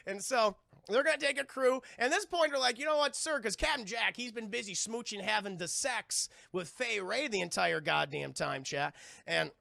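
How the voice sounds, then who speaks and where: A man recapping a film for his livestream chat in a casual, profane, animated way, talking straight to the chat and breaking into loud laughter. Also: moderate pace, gravelly, no room sound. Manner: bursts into loud high laughter. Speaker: film reviewer streaming to chat.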